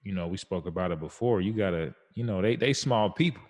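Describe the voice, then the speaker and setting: A man with a very deep voice talks about fatherhood in a casual, slangy manner. He tells his stories in a relaxed and reflective way. His voice carries a long reverb, as if the room were large. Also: a little fast. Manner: laid-back, slangy, reflective storytelling. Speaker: podcast co-host. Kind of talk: casual chat.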